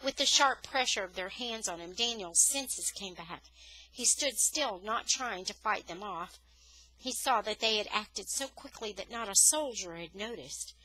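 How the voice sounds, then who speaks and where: A woman reads a novel aloud with an expressive storyteller's delivery. Her voice is bright and forward, with a mid-range pitch. The sound is close and dry. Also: measured pace, no room sound, faint music behind, low-quality recording. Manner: expressive storytelling, rising on dramatic words. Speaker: audiobook reader.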